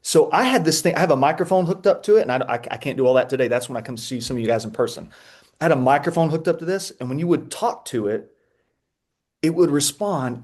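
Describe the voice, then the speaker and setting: A man, presenting a webinar over a video call in an excitable, playful way with frequent restarts. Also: mid-range voice. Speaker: edtech presenter. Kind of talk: energetic webinar talk.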